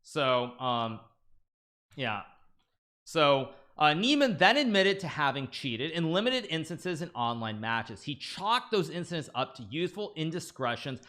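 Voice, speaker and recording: A man's voice: fairly high pitch, a little slow. A man on a live stream reading a news article aloud to viewers and commenting casually, stumbling and restarting often with amused asides. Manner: animated, frequent restarts and stammers, amused asides.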